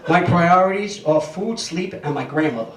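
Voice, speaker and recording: A man's voice: on the high side, moderate pace, a bit bright. A man, doing a stand-up comedy set with a brash, blunt wisecracking delivery. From Brooklyn, New York. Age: 50s. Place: comedy club stage. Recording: roomy club sound from a distant mic, crowd noise.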